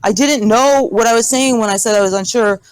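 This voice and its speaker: A woman's voice: on the high side, a little fast, clean tone, dry recording, rough recording. A woman, a server owner, defending herself in a voice-chat argument, pleading and explaining.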